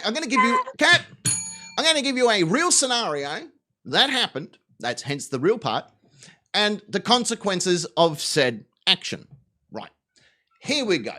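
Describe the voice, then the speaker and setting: A man hosting a live talk show, telling a story with lots of swearing and quick character voices. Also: high-pitched. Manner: animated, profane storyteller doing quick voices.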